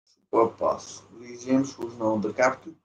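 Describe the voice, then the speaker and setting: A man commentating live as a fan while watching a football match, muttering asides and breaking into excited outbursts. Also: mid-range voice, measured pace, slight background noise, poor audio.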